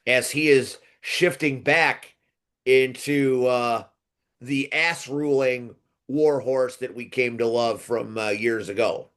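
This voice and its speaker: Man, podcast host, casual chat, enthusiastic, rambling, average pitch. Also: fairly even intonation, slow pace, a bit bright. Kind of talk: casual wrestling preview chat.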